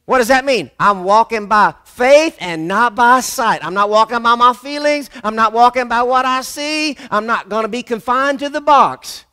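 Very high-voiced emphatic man preaching. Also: moderate pace, few pauses, bright, forceful tone, smooth. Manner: emphatic, repetitive, calls on the congregation to respond. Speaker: pastor. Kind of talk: sermon. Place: church.

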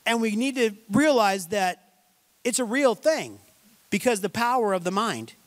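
A man's voice: sits high, sing-song, measured pace. A man preaching a sermon as pastor, emphatic and folksy, repeating words for stress.

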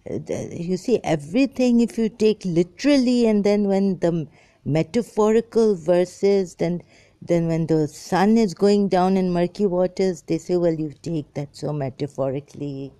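A woman's voice: mid-range voice, a little slow, warm tone, dry recording. A woman giving an informal, rambling religious talk, reading verses aloud and commenting on them with many fillers and restarts.

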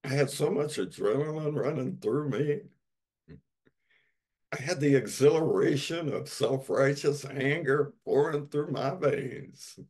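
A male pastor delivering a sermon, slow and emphatic, leaning on dramatic repetition. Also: medium pitch, a little mellow, breathy edge.

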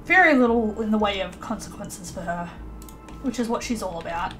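A young woman casually commentating her life-sim gameplay, excitable and chatty, voicing her characters in quick asides. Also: mid-range voice, faint music behind. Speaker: let's play host.

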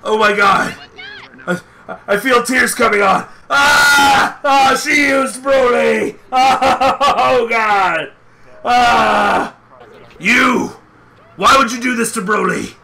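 A man voicing a hulking, hot-headed male warrior in a comedic voice chat role-play, shouting and laughing indignantly. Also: very high-pitched, slow, vocal fry, a faint crowd, a little hiss or hum, heavily acted. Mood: wailing. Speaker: streamer.

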